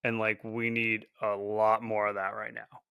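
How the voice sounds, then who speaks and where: A man as a podcast guest, speaking in an earnest and reflective way. His voice is bright and smooth, and it sits slightly low. The sound is dry and close. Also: completely flat delivery, measured pace, no echo. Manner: earnest, reflective, often hedging with "like". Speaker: podcast guest, founder of a support group. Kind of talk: casual podcast conversation.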